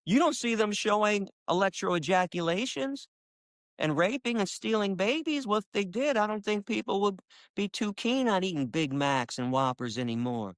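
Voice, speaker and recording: A man's voice: animated, moderate pace, no echo, studio quality. A man, an animal rights activist, speaking passionately in an interview and telling stories in an emphatic way. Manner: emphatic, acts out quoted dialogue with sharp jumps in pitch. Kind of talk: impassioned conversational storytelling. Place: lives in Michigan.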